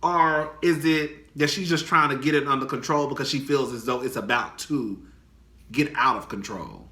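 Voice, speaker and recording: A man's voice: normal speed, pushed and bright. A young man vlogging casual gossip, dramatic and chatty, profane, calling his viewers girl. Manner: dramatic and chatty, swinging high and low. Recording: echoey room.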